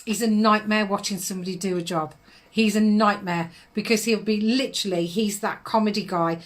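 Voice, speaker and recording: A woman's voice: mid-range voice, fairly even intonation, brisk. A middle-aged woman, giving psychic readings on a live stream in a chatty manner, laughing often and calling viewers darling.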